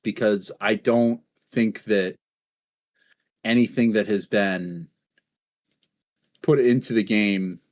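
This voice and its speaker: A man co-hosting a gaming podcast in casual chat, rambling through stories, laughing often and swearing offhandedly. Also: fairly low pitch. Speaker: podcast co-host.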